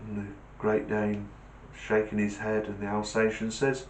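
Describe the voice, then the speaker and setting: A man's voice: on the low side, monotone, a little slow, a little hiss or hum. A man hosting his own channel, talking casually to camera and telling a joke. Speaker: channel host. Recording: echoey room.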